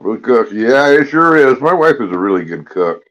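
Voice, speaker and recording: A man's voice: mid-range voice, big pitch swings, a bit bright. A man hosting a casual morning livestream, talking with his mouth full and chuckling in a folksy, easygoing way. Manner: slow, easygoing drawl with folksy slang. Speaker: livestream host. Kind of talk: casual live chat. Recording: dull lo-fi stream audio.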